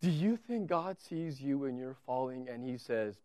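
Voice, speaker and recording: A man preaching a sermon as a pastor in a church, telling a story with animated, repetitive emphasis. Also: mid-range voice, moderate pace, clean tone, no echo, studio quality.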